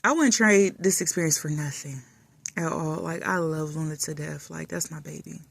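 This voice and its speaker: A woman vlogger chatting casually and affectionately while lying in bed in a dark room, often dropping to soft murmurs. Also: sits low, moderate pace, vocal fry, husky, dry recording. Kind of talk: casual chat.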